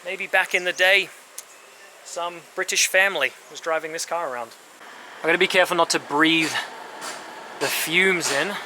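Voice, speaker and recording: A man filming a casual travel vlog outdoors at a street-side car yard, chatty and upbeat, speaking slowly and simply when he talks to locals. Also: a little high, pushed and bright. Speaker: travel vlogger. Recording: outdoor street noise and passing traffic.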